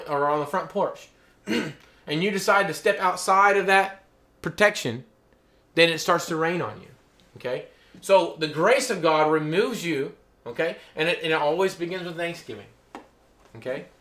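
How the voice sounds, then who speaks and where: This sermon comes from a middle-aged pastor whose high-pitched, bright voice carries a forceful tone through an echoey room. Between scripture readings he explains passages in loose asides, frequently adding "okay?" and "you know?"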